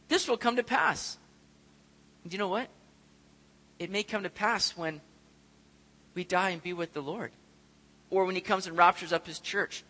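A man preaching a sermon, telling stories with animated, self-deprecating humor. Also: high-pitched, moderate pace, pauses often. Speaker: pastor. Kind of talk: sermon with personal story. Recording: echoey hall reverb.

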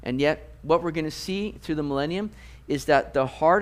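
High-voiced preacher, lively delivery. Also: male voice, normal speed. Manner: animated, jumps to high mock voices for jokes. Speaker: pastor. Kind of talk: sermon.

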